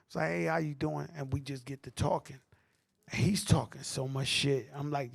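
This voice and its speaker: A middle-aged man with a New York accent, telling animated stories at a tribute panel, acting out quotes and swearing freely. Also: a little high, a little fast, creaky. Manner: animated street storytelling, acts out quotes, swears. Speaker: host.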